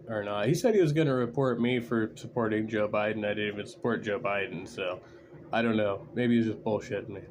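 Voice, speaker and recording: A man's voice: lowish voice, a little mellow, slight background noise. A man hosting a stream, talking casually in a sarcastic, mocking way, rambling with many fillers. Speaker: stream host. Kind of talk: casual commentary over a livestream.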